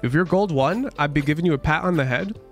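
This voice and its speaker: A man's voice: fairly high pitch, fast talker, soft background music. A man coaching over a gameplay review, blunt and emphatic, casual and sweary, repeating phrases for sarcastic effect. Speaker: game coach.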